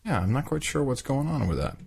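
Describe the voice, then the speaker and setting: A man co-hosting a podcast in casual chat, animated and jokey, now and then slipping into put-on accents. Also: mid-range voice, fast talker, creaky, breathy edge. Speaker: podcast co-host.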